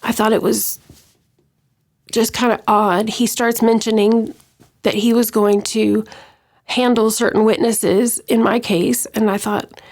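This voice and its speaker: A middle-aged woman from West Texas recounting her own story in an interview, hesitant with many pauses and restarts. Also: fairly high pitch, flat delivery, vocal fry, darkish tone. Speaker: interview guest. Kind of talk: personal account in an interview.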